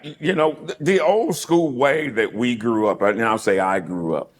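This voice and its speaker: A middle-aged man, a former pro football player, reminiscing as an interview guest in a casual, animated way, laughing often and repeating words. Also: mid-range voice, moderate pace.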